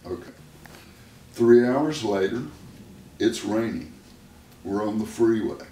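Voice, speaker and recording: A man with a lowish voice talks very slowly, in the easy manner of a therapist sharing stories and laughing along the way. He sits some distance from the microphone in a room that rings back, with a faint hiss underneath. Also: dark tone. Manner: slow, unhurried, laughs often. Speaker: therapist and host. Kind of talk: casual conversational storytelling. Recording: roomy room sound from a distant mic, faint noise.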